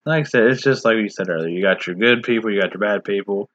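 A man's voice: lowish voice, fast, fairly bright tone, no echo, lo-fi sound. A man in a casual discussion, talking in a rambling, hesitant way with many restarts and filler words.

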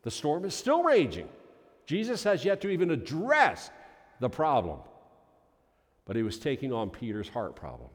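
A male pastor telling a story in a sermon, in a folksy manner that builds to loud, emphatic peaks. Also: mid-range voice, huge pitch swings, normal speed, pauses often. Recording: long reverb of a large hall.

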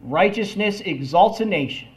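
A man preaching a sermon, reading scripture aloud and asking the congregation "Amen?" between slow, emphatic lines. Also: sits high, expressive.

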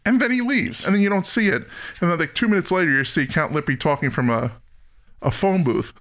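A man hosting a casual film-review podcast, animated, laughing often and acting out scenes. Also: on the high side, quick pace. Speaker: podcast host.

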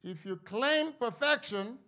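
A man preaching a sermon with passion, building up to shouts and mixing in joking asides. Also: extremely high pitch, lively intonation, slow pace.

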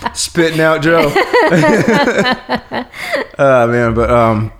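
A young man chatting loosely on a podcast, his voice a touch higher than most men's and swinging widely in pitch. He rambles and swears freely, and he breaks into laughter often. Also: big pitch swings, very slow, a bit bright. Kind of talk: casual chat.

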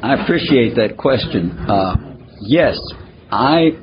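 An older man telling his personal recovery story at a twelve-step meeting, halting and self-deprecating, with many pauses and fillers. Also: medium pitch, animated. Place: meeting room. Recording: muffled recording with faint hiss.

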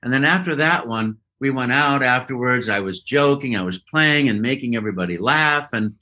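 A man, a voice actor, telling lively stories in a casual interview and often jumping into high voices to quote people. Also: normal speed. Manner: lively anecdotal storyteller who jumps into high quoted voices. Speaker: voice actor guest.

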